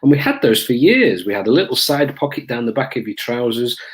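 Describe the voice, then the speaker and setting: A man's voice: medium pitch, brisk. A middle-aged man, casually recounting police stories to camera with frequent ums. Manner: relaxed, hesitant with frequent ums, acts out voices in stories. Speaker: police officer recounting his career.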